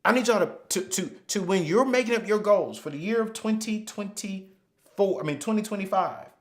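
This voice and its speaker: A man hosting a live finance webinar, speaking emphatically and repeating phrases, sometimes dropping to a hushed storytelling voice. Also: high-pitched, moderate pace. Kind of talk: live motivational money teaching.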